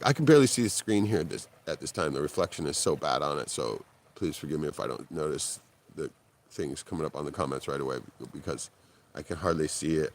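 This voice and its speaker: A man hosting a live stream, telling a story in casual talk, swearing and laughing often as he quotes other people. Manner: animated, jumps in pitch when quoting and laughing. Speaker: livestream host.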